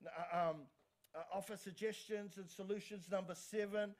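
A pastor preaching a sermon energetically, often restarting words and calling for amens. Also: male voice, sits high, normal speed. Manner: energetic, frequent restarts and stammers, calls for amens.

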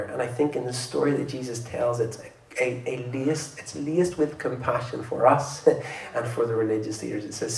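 A man preaching a sermon in a conversational way, getting animated as he retells stories, heard in a church hall. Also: medium pitch, moderate pace, creaky, slight background noise. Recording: roomy, distant mic with faint ambience.

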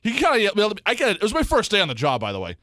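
Animated young man telling a story. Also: high voice, rapid-fire, no room sound, studio quality. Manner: animated storyteller, acts out quotes, laughs often. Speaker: podcast co-host. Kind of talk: casual chat, storytelling.

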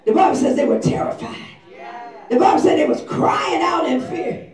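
A woman pastor preaching a lively sermon, telling the story with slangy acted-out quotes and often shouting. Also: sits high, normal speed. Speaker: senior pastor. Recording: echoey church hall from far off.

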